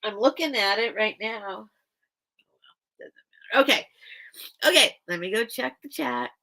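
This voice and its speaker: A woman's voice: medium pitch, expressive, measured pace, pauses often, pushed and bright, low-quality recording. A woman hosting a live vintage sale stream, chatting casually and emotionally with her viewers while tearful. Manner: rambling and emotional, talks straight to her viewers. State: teary.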